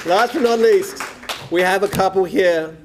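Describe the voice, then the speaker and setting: A man hosts a conference and introduces the next couple. His voice sits a touch higher than most men's, and he rambles and trips over his words as he goes. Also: measured pace, background noise. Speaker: conference emcee. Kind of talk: introducing speakers. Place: conference hall.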